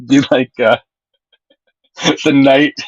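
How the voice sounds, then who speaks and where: In a relaxed live stream, a man rambles to his audience, reads their comments, gets excited, and swears liberally. He draws out his words in a mid-range voice; the audio has no echo and lacks high frequencies.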